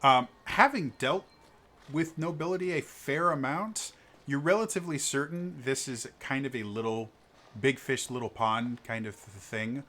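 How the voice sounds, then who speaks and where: A man's voice: medium pitch, moderate pace, a bit bright. A man narrating as game master of a tabletop game, hesitant and full of fillers.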